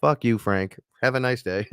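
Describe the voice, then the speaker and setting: A man's voice: mid-range voice, normal speed, a bit bright, smooth, no echo, clean studio sound. A man hosting a live stream, rambling and swearing casually, often laughing. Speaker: podcast host.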